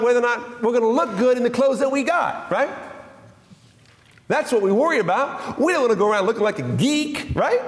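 Man, sermon, high voice, emphatic, repeats phrases, roomy echo. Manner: emphatic, repetitive, drops his voice low for scripture. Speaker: preacher. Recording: echoey hall with long reverb.

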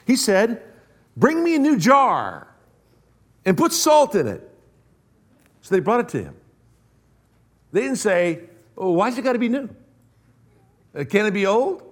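A man preaching a sermon in a conversational way, talking straight to his listeners and firing off rhetorical questions, rushing through asides and slowing down to stress key words. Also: high-pitched. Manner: rhetorical questions, shifting between quick asides and slow emphasis; conversational, addresses listeners directly.

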